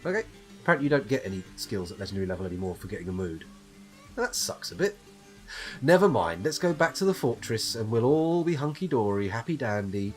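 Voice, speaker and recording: A man's voice: mid-range voice, sing-song, a little fast. A man from the UK giving casual, wry commentary while streaming a game live, reading item text aloud and swearing in jest. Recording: faint background game music.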